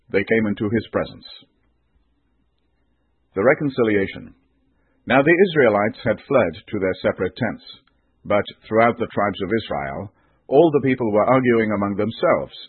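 A man giving a measured, scripted Bible reading as narrator. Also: fairly low pitch, breathy edge, no room sound. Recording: tinny phone-like audio, dry.

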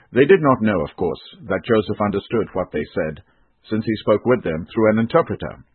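A man reads scripture aloud in a measured, solemn way. His voice is low and husky, with a lively rise and fall. The sound is tinny and phone-like, with no room echo. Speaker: narrator. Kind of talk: scripture reading. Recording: tinny phone-like dry recording.

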